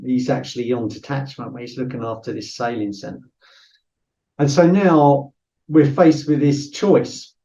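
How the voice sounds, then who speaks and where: A middle-aged man tells a story in a casual interview, blunt and sweary, leaning on "you know" a lot. His voice is warm and mellow. It sounds roomy and a little distant, with a dull tone. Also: mid-range voice, vocal fry. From Britain. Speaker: podcast guest, former soldier.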